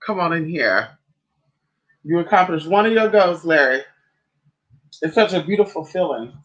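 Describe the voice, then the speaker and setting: Livestreaming as a spiritual advisor, a man chats casually and sassily with his viewers, calling them honey and girl. He tells stories in an animated way with big pitch swings, speaking at a moderate pace on a lo-fi recording.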